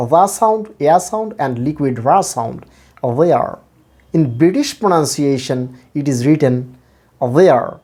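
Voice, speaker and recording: Male English tutor, brisk pace, repeats each word for the learner. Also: fairly high pitch, dark tone. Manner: switches between Bangla and English, repeats words slowly. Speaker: English teacher. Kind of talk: pronunciation lesson.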